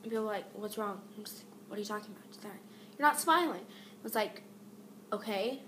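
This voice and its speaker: A woman's voice: medium pitch, fast, fairly bright tone, echoey room. Teen girl, casual vlog rant, exasperated, rambling, faint hiss behind. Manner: exasperated, rambling with many fillers and restarts. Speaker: vlogger.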